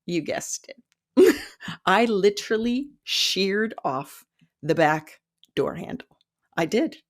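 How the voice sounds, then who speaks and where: A woman in her fifties, a psychic development teacher, telling a story in an animated, self-mocking way and laughing often. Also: medium pitch, slow. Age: 50s. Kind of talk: storytelling monologue.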